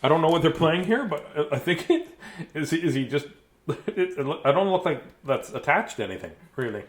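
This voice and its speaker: A man's voice: fairly high pitch, sing-song, a little fast. A man reading a bedtime picture book aloud on a live stream, breaking off for chatty, chuckling asides. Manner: chatty, chuckling asides between read lines. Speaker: storybook reader and host.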